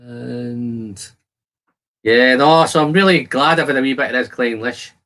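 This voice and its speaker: Speaking a little slowly in a medium-pitched, fairly bright voice, a man hosts a casual whisky-tasting livestream from his home shed. He banters with viewers and reads their comments aloud in a jokey, chatty way.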